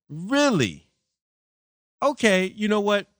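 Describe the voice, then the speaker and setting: A man's voice: a little high, animated, a little slow, pauses often, fairly bright tone, no room sound, studio quality. A man in a casual monologue rant, blunt, profane and exasperated.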